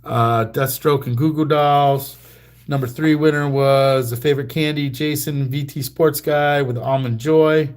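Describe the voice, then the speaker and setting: A man's voice: medium pitch, steady tone, unhurried. A man hosting a trading card livestream, telling stories in a loose, rambling way with lots of fillers and little chuckles. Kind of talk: casual livestream chat.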